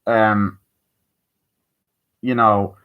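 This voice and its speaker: A man's voice: on the low side, level tone, extremely slow, smooth, phone-quality sound. Rambling, foul-mouthed man reviewing a film. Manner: rambling, profane, tangent-prone, filler-heavy. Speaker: movie reviewer. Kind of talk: casual spoken film review.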